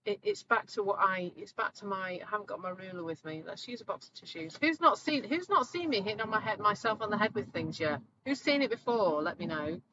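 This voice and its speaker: Brief: woman in her forties, chatty live-talk host, bright tone, slightly dull audio with faint noise. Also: mid-range voice, a little fast, few pauses. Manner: chatty, animated storytelling, acts out voices. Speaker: coach hosting a live talk. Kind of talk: live online talk answering viewers.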